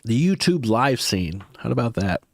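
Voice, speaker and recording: A man's voice: medium pitch, big pitch swings, normal speed, dry recording. A man hosting a casual livestream, chatting with viewers in a rambling, hesitant way with many restarts, his nose a bit stuffy. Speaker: livestream host.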